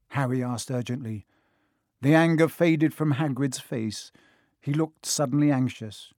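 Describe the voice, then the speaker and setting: A man's voice: fairly high pitch, lively intonation, moderate pace, darkish tone, no room sound, clean studio sound. A man narrating a storybook aloud, reading expressively and switching between character voices.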